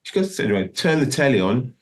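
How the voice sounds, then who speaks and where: A middle-aged man, the guest musician, tells a long story fast in a sing-song, medium-pitched voice during a casual interview. He rambles, restarts often, and peppers it with "do you know what I mean."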